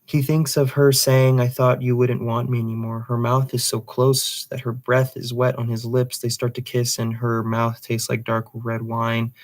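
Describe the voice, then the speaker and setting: A man's voice: mid-range voice, level tone, normal speed, few pauses. A man reading a literary novel aloud, with occasional slips and restarts. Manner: reads dialogue plainly, with slips and restarts. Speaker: reader.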